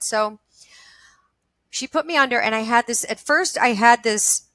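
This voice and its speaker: A woman's voice: fairly high pitch, moderate pace, pauses often, sharp tone, no echo, rough recording. A woman, an actress, speaking as an interview guest and telling a personal story in an earnest, emphatic, heartfelt way, often restarting her sentences.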